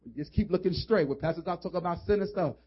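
A male pastor preaching a sermon with emphasis, swinging from shouts to hushed asides. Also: sits high, fast, slightly rough. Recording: dull lo-fi recording.

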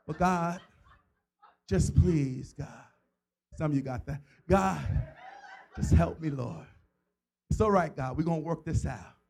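A man pastor preaching a sermon, acting out voices of God and Moses, building from quiet teaching to shouted passion. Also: a little high, low-quality recording. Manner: preaching with dramatic voiced quotes, rising to shouts.

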